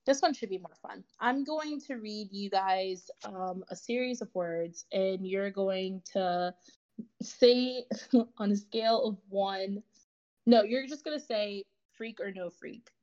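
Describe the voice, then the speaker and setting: A woman's voice: medium pitch, slow pace, a little mellow. Young woman host, giggly, talks at home, kinda dull lo-fi audio. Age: young adult. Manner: giggly, laughs through what she reads. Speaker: podcast host. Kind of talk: casual group chat, reading lyrics and game cards. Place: dining room at home.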